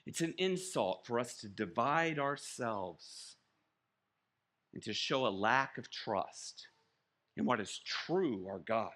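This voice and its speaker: A man preaching a sermon as pastor, animated and acting out little scenes. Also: mid-range voice, takes it slowly. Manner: animated, acts out little scenes with shouted voices. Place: church.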